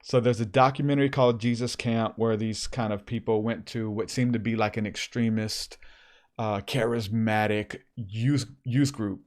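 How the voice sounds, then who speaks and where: A man hosting a podcast, telling a story in a casual, animated way with plenty of fillers. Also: on the low side, normal speed. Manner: animated, acts out quotes, many fillers. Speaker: podcast host.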